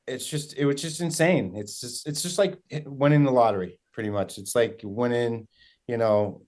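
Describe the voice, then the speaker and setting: A young man with a New England accent telling a hunting story in casual chat, rambling and excited, full of fillers. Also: medium pitch, moderate pace. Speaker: guest hunter.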